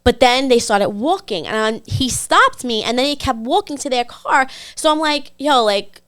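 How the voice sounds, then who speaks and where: A young woman, co-hosting a podcast and telling a story in an animated, chatty way. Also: high-pitched, normal speed, clear, resonant tone. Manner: animated, chatty, acts out the people she quotes. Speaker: podcast co-host. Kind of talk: casual storytelling.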